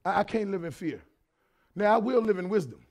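A pastor in his fifties preaching a sermon, swinging between shouted lines and quieter talk, with lots of repetition. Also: sits high, expressive, fairly quick. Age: 50s.

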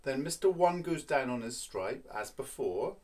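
A man's voice: mid-range voice, animated, normal speed, over loud music. A man teaching a children's violin lesson, patient and playful, counting beats and explaining step by step.

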